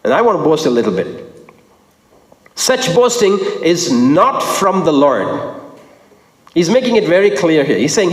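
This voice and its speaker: A male preacher delivering a sermon with a lively, swooping voice that climbs high for emphasis and drops low again. He repeats his phrases for weight. The sound rings through a roomy hall with a long echo trailing behind him. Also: measured pace, pauses often. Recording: echoey hall with long reverb.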